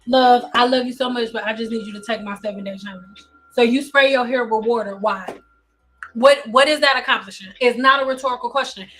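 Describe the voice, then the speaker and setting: A woman's voice: fairly high pitch, brisk, a little hiss or hum. A woman hairstylist hosting a live stream, giving blunt, insistent advice and repeating pointed questions.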